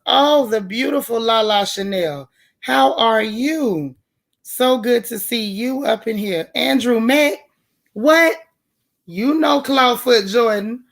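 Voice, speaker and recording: A woman hosting a live gossip show, chatting casually and greeting viewers one by one in a folksy way. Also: a little high. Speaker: livestream gossip show host.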